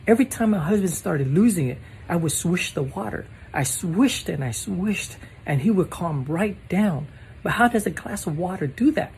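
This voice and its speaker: A voice reading out a joke in an even, measured way. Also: medium pitch, slight background noise, low-quality recording. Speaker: joke narrator. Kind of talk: scripted narration.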